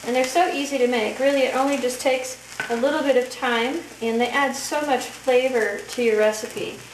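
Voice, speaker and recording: A woman's voice: high voice, steady tone, moderate pace. A woman giving a chatty, enthusiastic cooking demonstration in a home kitchen. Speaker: home cook. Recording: echoey kitchen, voice from far off, loud frying noise.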